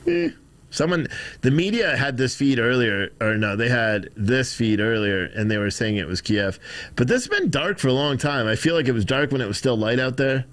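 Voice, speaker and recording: Casual American male streamer, mid-pitch, loose and chatty. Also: very animated, normal speed, a bit bright. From United States. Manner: loose, chatty, talks to his chat. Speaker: live stream host. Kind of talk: casual live commentary.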